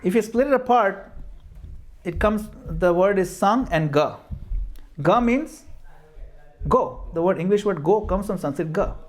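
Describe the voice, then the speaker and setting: Here the Gujarati speaker's voice is high and animated, though his delivery is a little slow with long pauses. The middle-aged man tells stories and jokes about himself during an informal devotional talk at a home program, quoting Hindi and Sanskrit verses.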